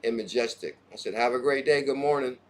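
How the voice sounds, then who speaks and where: A man hosting a crypto livestream, chatting casually and excitedly, hopping between topics and greeting viewers in the chat by name. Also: medium pitch, brisk.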